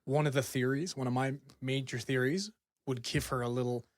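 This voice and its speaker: A young man co-hosting a casual podcast, an excitable storyteller who laughs a lot and jokes around. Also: mid-range voice, fairly quick, no room sound, studio quality. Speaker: podcast co-host. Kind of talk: casual chat.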